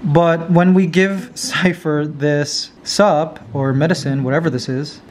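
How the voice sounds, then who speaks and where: A man hosting a casual vlog at home, playful and animated, his voice jumping up high when he gets excited. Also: a little slow, slight background noise. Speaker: vlogger host. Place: apartment indoors.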